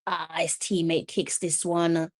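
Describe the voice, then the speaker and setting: A woman streams live match commentary in a loose, conversational way, talking straight into her microphone. She is chatty between plays and breaks into loud, exasperated exclamations when the action turns. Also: on the low side, little pitch movement, a little slow. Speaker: watch-along match commentator.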